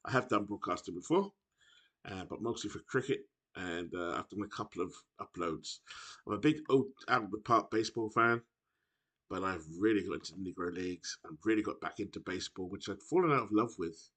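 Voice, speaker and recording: A man's voice: on the low side, a bit bright, husky. Chatty British man, rambling and self-correcting. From United Kingdom. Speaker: video game streamer. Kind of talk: casual chat to camera. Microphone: laptop microphone.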